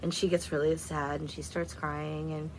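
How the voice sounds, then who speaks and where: A woman's voice: deep voice, level tone, normal speed, noisy background. A woman casually telling a personal story, blunt and candid, swearing freely and rambling. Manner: rambling, repeats herself.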